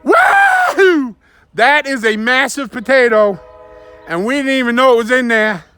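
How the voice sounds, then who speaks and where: Man, high voice, excited homestead vlogger, outdoors in a garden, talking while he works. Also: moderate pace, over loud music. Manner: enthusiastic, talks while working outdoors. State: out of breath at times. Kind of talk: casual garden vlog. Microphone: camera held by a helper.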